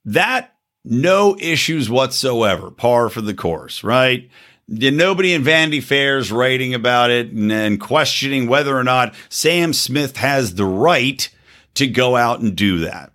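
A man's voice: mid-range voice, expressive, measured pace, pushed and bright. A man from the United States hosting his own show, delivering a blunt, profane, sarcastic opinion rant. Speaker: podcast host.

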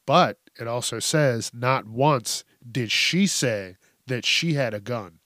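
A man hosting a news-reaction show, telling stories in blunt, profane, animated casual commentary. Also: medium pitch, no room sound, clean studio sound. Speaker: host.

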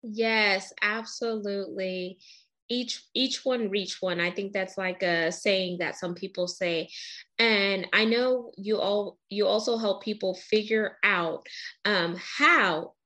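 A woman's voice: mid-range voice, takes it slowly, sharp tone. A woman hosting a podcast, speaking in an encouraging, motivational way in a conversational interview. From United States. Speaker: podcast host.

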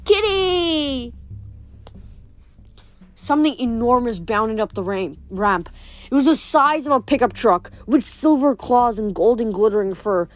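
Woman, reading a novel aloud, fairly high voice, steady storytelling, small slips. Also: moderate pace, soft background music. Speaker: reader.

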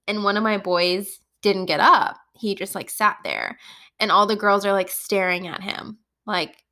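Speaking a little slowly in a medium-pitched voice, a woman who teaches kindergarten tells humorous stories from her classroom on a relaxed podcast. Her delivery is animated, and laughter keeps breaking through.

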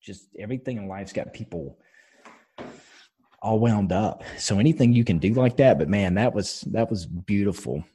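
A man's voice: fairly low pitch, moderate pace, dark tone, slight background noise. A man co-hosting a podcast in casual chat, blunt and passionate, swearing freely as he tells stories. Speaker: podcast co-host.

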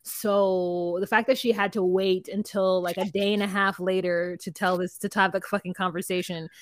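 A woman co-hosting a casual podcast about a reality TV show, animated and swearing, often acting out what people said. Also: mid-range voice, moderate pace. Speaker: podcast co-host. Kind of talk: casual reality TV recap chat.

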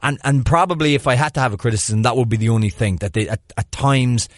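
A man talks through match tactics in a relaxed podcast chat, picking apart each play with lively detail. His voice sits mid-range and sounds dry and close, with no room around it. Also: mid-range voice, fast, no echo. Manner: animated, breaks down plays in detail. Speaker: podcast co-host. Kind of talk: casual sports analysis chat.

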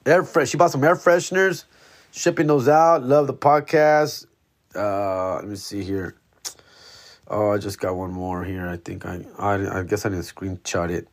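A man's voice: lowish voice, a little slow. A man, hosting a comedy podcast in a laid-back, slangy, profane monologue.

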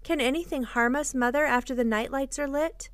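A woman voices a stubborn, insistent small boy in a high, fairly quick voice. It's pitched above her own yet stays close to an everyday voice, recorded with clean studio sound and no room noise.

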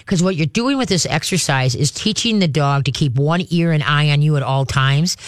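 A man training an owner in dog recall, talking casually and breaking into high, excited calls as he shows how to call the dog. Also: moderate pace, no room sound, clean studio sound. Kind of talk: casual hands-on instruction.

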